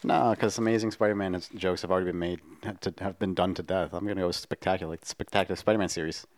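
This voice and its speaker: A man's voice: sits low, steady tone, fast talker, no echo. A young man, a student, co-hosting a casual film podcast, rambling and jokey. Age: young adult. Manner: rambling, jokey, acts out dialogue. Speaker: podcast co-host. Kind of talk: casual chat about films.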